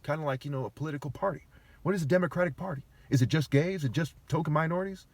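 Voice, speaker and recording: Husky high-voiced man ranting. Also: racing, no echo. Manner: aggrieved, argumentative, heavy swearing. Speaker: vlogger. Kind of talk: agitated ranting monologue.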